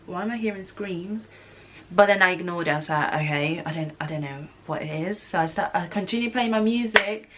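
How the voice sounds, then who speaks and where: A young woman, telling an animated storytime vlog and acting out the voices she quotes. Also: fairly low pitch, a little fast. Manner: animated, acts out screams and quotes. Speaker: vlogger. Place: student flat room.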